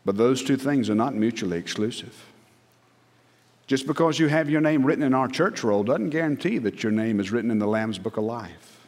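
Male pastor, mid-pitched, emphatic sermon delivery, long sanctuary reverb. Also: lively intonation, a little fast. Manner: emphatic, rising to loud peaks and dropping to hushed lines. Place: church sanctuary. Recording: long church hall reverb.

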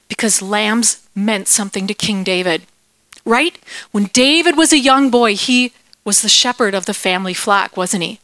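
A woman teaching a Bible lesson to children. She is playful and animated and asks the kids questions. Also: medium pitch, moderate pace, no room sound.

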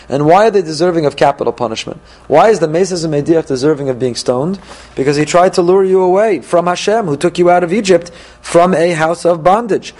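A man with a somewhat high voice teaches a Torah class. He reads each verse, then translates and explains it piece by piece, thinking aloud with pauses and restarts. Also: darkish tone.

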